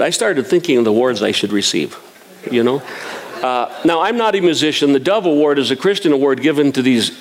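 A man's voice: fairly high pitch, very animated, brisk. A man in his sixties preaching a sermon in a folksy, self-mocking way, chuckling at his own jokes.

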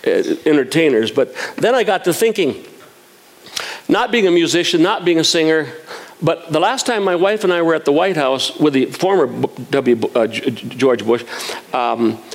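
A man's voice: fairly high pitch, normal speed. A man in his sixties preaching a sermon in a folksy, self-mocking way, chuckling at his own jokes.

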